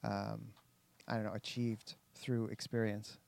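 A man's voice: on the low side, fairly even intonation, a little slow, vocal fry, darkish tone. A man chatting casually on a podcast, telling a rambling story with lots of fillers and restarts. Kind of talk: casual chat.

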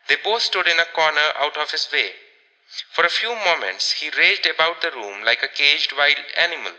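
A man narrating a ghost story in a measured, expressive audiobook reading. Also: fairly high pitch, in a large hall, low-quality recording.

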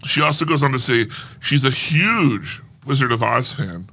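A man's voice: medium pitch, expressive, moderate pace, pushed and bright, breathy edge. A man co-hosting a film podcast, reading listener emails aloud in a casual way. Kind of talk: casual chat.

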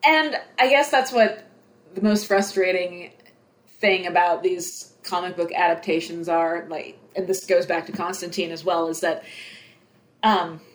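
A woman's voice: lowish voice, measured pace. A woman co-hosting a casual movie commentary, giggling often and giving thoughtful film-fan opinions. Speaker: podcast co-host.

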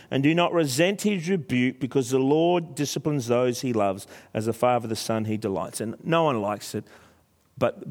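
A man's voice: medium pitch, big-room sound. A middle-aged man preaching a sermon as a pastor, telling stories animatedly and acting out quoted voices.

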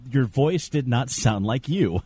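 A man's voice: mid-range voice, expressive, measured pace, mellow, slightly rough. A man co-hosting a casual podcast, teasing his friends and laughing often. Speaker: podcast co-host.

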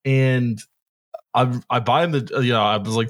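Animated man in his thirties telling stories. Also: mid-range voice, brisk. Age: 30s. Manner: animated storyteller, acts out quotes, swears freely. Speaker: podcast co-host. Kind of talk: casual storytelling chat.

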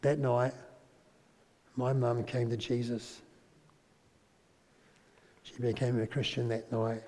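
A man preaching a sermon, telling a personal story and dropping to a soft, quiet voice at emotional moments. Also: medium pitch, level tone, slow pace. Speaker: pastor. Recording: long reverb in a large hall.

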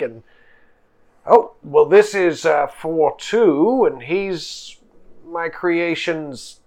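A scatterbrained professor rambles on, stammering and losing his thread, voiced by a man in a tabletop game. He talks in halting, unsure bursts. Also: a little high, voice pushed up. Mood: flustered.

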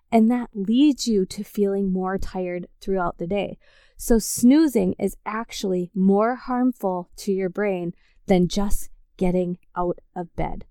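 An upbeat woman hosts her own podcast, speaking straight to her listeners in a friendly, encouraging way. Her voice is mellow and smooth, and it sits in an ordinary middle range. The recording is close and dry, with no room around it. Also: mid-range voice, no echo. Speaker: podcast host. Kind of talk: casual solo podcast talk.

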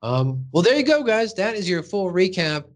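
A male podcast host in casual chat who keeps his delivery animated. He retells scenes eagerly, in a slightly higher register. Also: normal speed. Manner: animated, acts out cartoon voices while retelling scenes.

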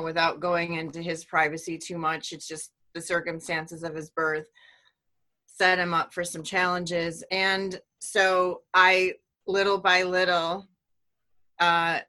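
A middle-aged woman giving a personal testimony in a halting, earnest way, with many restarts. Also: on the low side, pushed and bright.

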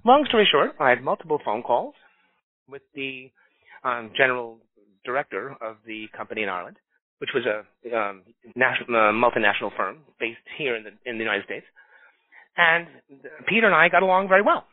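A man's voice: mid-range voice, brisk. A middle-aged man from New York who works as a recruiter, telling stories in a casual chat and acting out the people he quotes. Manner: animated storyteller acting out quotes. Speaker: staffing recruiter, association leader. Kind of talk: casual podcast conversation. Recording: tinny phone-like dry sound.

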